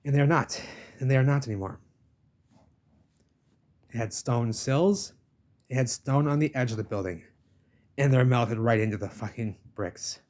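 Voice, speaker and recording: A man's voice: mid-range voice, moderate pace, long pauses, a little mellow. A man recording a casual walking-tour vlog outdoors in a village, ranting insistently at the camera and repeating himself. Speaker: vlogger filming a village walk.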